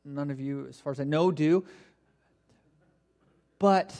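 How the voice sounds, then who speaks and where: A man's voice: a little high, slow, a little mellow. A male pastor preaching a sermon, reading scripture and mocking the false prophets with humorous asides.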